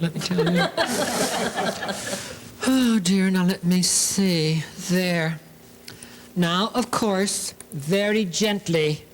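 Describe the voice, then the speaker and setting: A man's voice: sits high, slight background noise, rough recording. Theatrical man demonstrating sewing. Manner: theatrical, camp, fond of 'lovely' and 'darlings'. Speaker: sewing show host.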